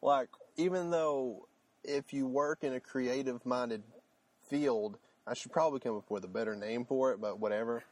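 A man's voice: medium pitch, moderate pace, a little mellow. A man co-hosting a podcast in casual chat, rambling with fillers and restarts. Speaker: podcast co-host.

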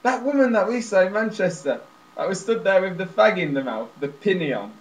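High-voiced playful young man. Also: animated, a little fast, poor audio. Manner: playful, joking. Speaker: radio show co-host. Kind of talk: casual chat. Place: student radio studio.

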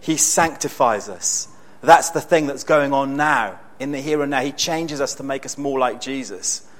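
A man preaching a sermon in a conversational, storytelling way with bursts of excitement. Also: medium pitch, moderate pace.

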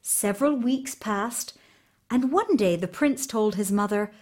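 A woman narrating a fairy tale aloud in an expressive, unhurried storytelling voice. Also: medium pitch.

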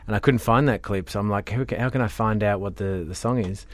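A man's voice: lowish voice, quick pace, no echo. Man, podcast co-host, hyper, rambling, dry close studio sound. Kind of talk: casual studio chat. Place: radio studio.

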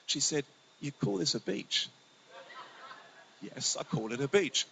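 A male pastor preaching a sermon in a conversational, storytelling way, his voice swinging between lively bursts and hushed asides. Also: a little high, a little slow, vocal fry, poor audio. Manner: conversational, animated, often drops to a hushed voice. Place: church hall. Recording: faint hiss.

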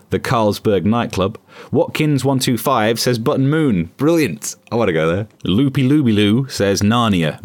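A man's voice: lowish voice, no echo. Sarcastic man reading comic news. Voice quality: sarcastic, deadpan asides. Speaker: podcast host. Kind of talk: scripted comic news monologue.

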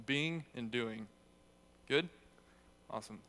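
A man's voice: medium pitch, expressive, measured pace, pauses often, pushed and bright. A young man giving a casual, conversational sermon, telling stories with self-deprecating humor. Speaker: youth speaker.

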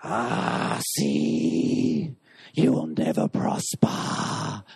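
A man voicing a small sneering male demon in a low, breathy, hissing voice. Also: sing-song, drawn-out words, no room sound, exaggerated voice.

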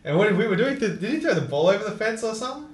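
A man's voice: high-pitched, very animated, rapid-fire, roomy sound. A young man telling stories in casual chat, laughing and swearing often. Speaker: co-host.

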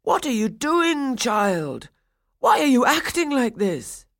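A woman's voice: high voice, big pitch swings, slow, gravelly, pitched above the performer's own voice, full character voice. A woman voicing a frantic old male dollmaker who cries out in anguish, in a storybook reading.

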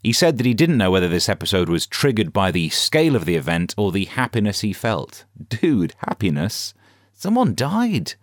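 A man hosting a scripted satirical news comedy podcast with a sarcastic, deadpan delivery. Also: lowish voice, moderate pace, dry recording, clean studio sound.

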